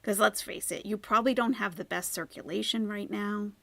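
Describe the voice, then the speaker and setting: A woman with a gravelly, creaky voice hosts a reaction commentary, sarcastic and critical. She sometimes drops into hushed asides, and her voice sounds dry and close. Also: mid-range voice, fairly even intonation, fairly quick, no room sound. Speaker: commentary channel host.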